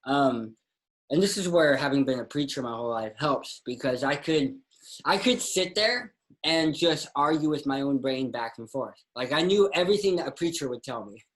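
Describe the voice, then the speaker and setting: A man's voice: medium pitch, moderate pace, rough recording. A man speaks as a guest preacher recounting his own struggle. He tells it conversationally and with animation, and he slips into other people's voices as the story unfolds. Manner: animated storyteller who acts out dialogue. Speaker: guest, pastor and singer. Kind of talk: personal faith story, conversational.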